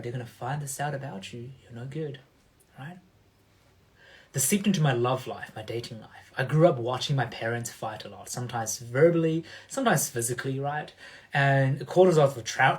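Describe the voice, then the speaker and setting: A man hosting a motivational livestream as a coach, speaking emphatically and often checking in with his listeners. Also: fairly high pitch.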